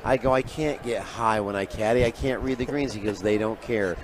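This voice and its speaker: A man who is a sports handicapper, telling an animated story as a guest on live sports radio and acting out the people he quotes. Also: lowish voice, a little fast, noisy background. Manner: lively raconteur who acts out quoted voices, often trailing off quietly. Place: live broadcast booth at a radio event.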